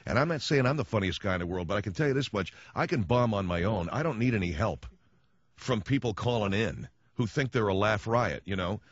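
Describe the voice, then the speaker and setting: A man's voice: on the low side, lively intonation, brisk, dry recording, dull audio. A man hosting a radio talk show, telling stories in a wry, sarcastic way and acting out little quotes. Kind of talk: casual radio monologue. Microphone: studio microphone.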